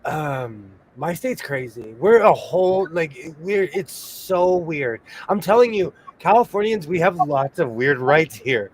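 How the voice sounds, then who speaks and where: Chatty man with a slightly high voice. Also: animated, measured pace, few pauses. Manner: chatty, laughs often while telling stories. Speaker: co-host. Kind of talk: casual chat.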